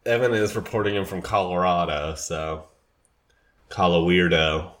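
A man's voice: low voice, a little slow, a bit bright. A young man with a Southern American accent co-hosting a casual podcast, joking and laughing often. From North Carolina. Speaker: podcast co-host. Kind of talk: casual chat.

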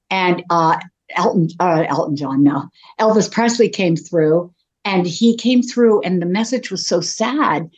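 A woman's voice: on the low side, highs cut off. A woman, a psychic medium, talking casually in an interview as a chatty, self-deprecating storyteller.

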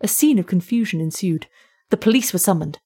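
A woman narrates a classic short story and closes the episode as its host. Her pitch sits in the ordinary middle range, and her reading is measured and even. The voice has a husky, breathy grain.

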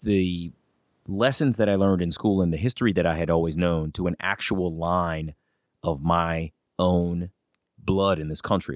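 A man hosting an interview talks in a reflective, heartfelt manner. His voice is very deep, and the sound is dry and close. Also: measured pace, no echo. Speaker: host. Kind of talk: casual interview conversation.

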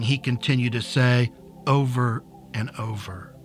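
A male narrator reads a dark serial story in a measured, deliberate way. His delivery is very slow and his tone bright, with faint music underneath. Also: fairly high pitch. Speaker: narrator and host.

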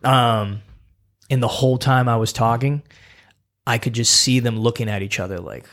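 A man's voice: mid-range voice, moderate pace, fairly bright tone. A man hosting a podcast, telling stories casually and punching them up with short repeated phrases, in a small home gym room. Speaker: podcast host. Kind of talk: casual chat.

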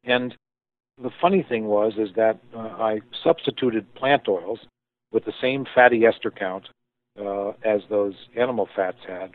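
Low-voiced man on a tinny line. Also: unhurried, no room sound. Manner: thoughtful, hesitant restarts. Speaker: guest, company founder. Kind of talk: storytelling interview answer. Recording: tinny phone-like line, dry.

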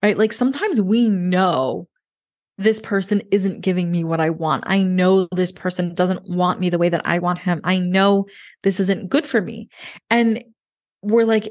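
A woman speaking as a love coach in a casual podcast conversation, animated, emotional and emphatic. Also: fairly low pitch.

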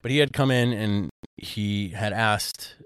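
A man's voice: lowish voice, takes it slowly, a bit bright, clear, resonant tone, no room sound. A man co-hosting a podcast, telling a story in casual chat, rambling with lots of fillers and restarts. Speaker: podcast co-host.

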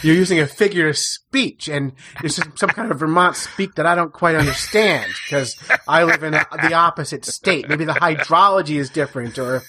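A man co-hosting a casual chat, telling a story with animated mock outrage and frequent laughter. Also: a little high, normal speed, hardly any pauses, a little hiss or hum.

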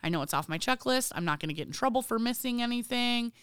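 A woman's voice: fairly high pitch, expressive, fast, fairly bright tone, clean tone, dry recording, studio quality. A woman talking casually as a guest about her merchandising job, swearing freely and telling stories with energy. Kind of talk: casual chat.

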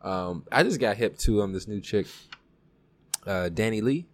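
Easygoing co-host, deep-ish man, profane and chuckling. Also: lively intonation, measured pace. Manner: laid-back, profane, laughs often. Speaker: podcast co-host. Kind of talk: casual chat.

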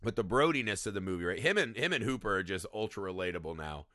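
A fast-talking man with a fairly low voice co-hosts a film podcast, swearing freely and speaking with animation. "Right?" keeps popping up at the end of his sentences; the recording is clean studio sound, echo-free.

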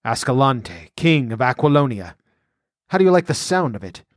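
A man voicing a scheming, ambitious outlaw noble who speaks in a measured, scornful, domineering way. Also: mid-range voice, sing-song, no echo, studio quality, close to an everyday voice.

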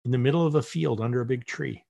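A man's voice: mid-range voice, quick pace, gravelly, dark tone. A middle-aged man as a podcast guest, telling a story in casual conversation and acting out the voices he quotes, with many restarts.

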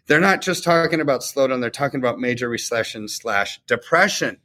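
A man's voice: medium pitch, expressive, a little fast, bright, forceful tone. A man co-hosting a talk show, explaining economics casually and checking in with frequent rhetorical questions. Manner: conversational, explains with rhetorical "right?" tags. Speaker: podcast co-host.

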